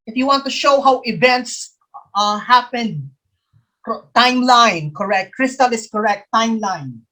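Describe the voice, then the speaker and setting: A woman's slightly high, somewhat bright voice comes across animated yet unhurried. With a Filipino accent she leads live online quiz coaching for an exam review, restating each question and answer and drifting into Tagalog.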